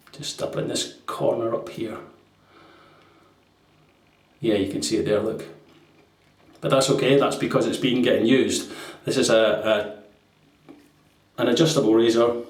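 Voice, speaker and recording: A man's voice: mid-range voice, darkish tone. A man hosting a shaving video, chatting casually to the camera and laughing at his own jokes. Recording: roomy sound from a distance.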